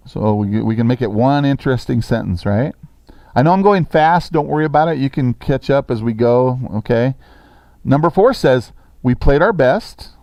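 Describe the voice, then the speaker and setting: Middle-aged guy teaching a 6th grade class, mellow voice, dry sound, quick and encouraging. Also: mid-range voice, creaky, dry recording. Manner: brisk, encouraging, reads sentences slowly for dictation. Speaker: sixth-grade language teacher. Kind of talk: classroom lesson, talking to students.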